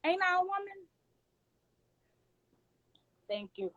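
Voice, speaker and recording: Intense high-voiced woman performing spoken word. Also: sing-song, slow, bright, forceful tone, no room sound, lo-fi sound. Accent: Southern American. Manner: rhythmic, declamatory, intense. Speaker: poet.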